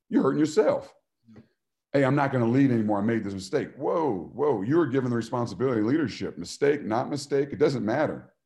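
A man's voice: mid-range voice, expressive, fairly quick, dark tone. A middle-aged man, a former football player and coach, giving a motivational talk and telling stories, acting out the voices he quotes and laughing often.

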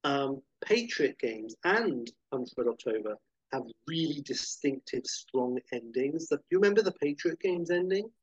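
Male podcast co-host, enthusiastic film chat, husky voice, dull lo-fi recording. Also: a little high, moderate pace, no room sound. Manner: enthusiastic, animated when retelling scenes.

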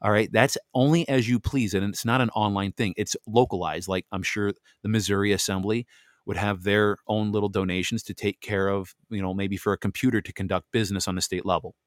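A man's voice: on the low side, steady tone, fairly quick, no room sound. A man hosting a podcast, talking in a heated, preachy way and addressing listeners directly, into a close desk microphone. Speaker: podcast host. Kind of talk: heated religious podcast talk.

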